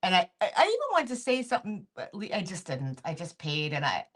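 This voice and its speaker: A middle-aged woman co-hosting a podcast, telling a story in casual chat and acting out what people said. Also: brisk. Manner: animated, acts out quotes with swings in pitch. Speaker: podcast co-host.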